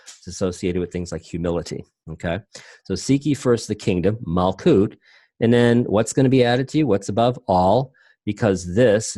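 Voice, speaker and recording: A man's voice: low voice, warm tone, no echo. A middle-aged man teaching an online class from home, in a loose, rambling way that often stops to correct himself. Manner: loose, rambling, self-interrupting. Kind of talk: casual online class lecture. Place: home, at a computer.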